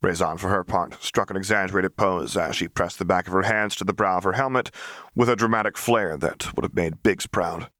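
A man calmly reading an audiobook as narrator, in an even, storytelling manner. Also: low voice, a little fast, no room sound, clean studio sound. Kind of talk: scripted narration.

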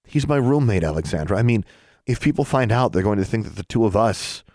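A man's voice: fairly low pitch, animated, a little mellow, dry recording, clean studio sound. A man voicing a flustered teenage schoolboy who pleads and apologizes in a hurry. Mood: pleading. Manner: pleading, hurried.

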